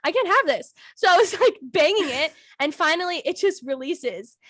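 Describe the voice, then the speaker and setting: A young woman co-hosting a podcast, telling a story in a casual, animated way, laughing often and shrieking when she acts out quotes. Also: extremely high pitch, moderate pace, dry recording, studio quality. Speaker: podcast co-host.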